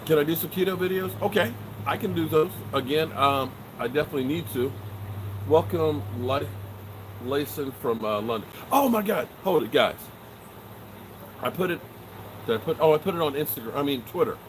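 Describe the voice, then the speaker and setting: Joking sports host, noisy background. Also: male voice, fairly high pitch, moderate pace. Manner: joking, animated, swears and trails off often. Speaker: sports show host answering live chat. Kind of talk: casual live-stream chat.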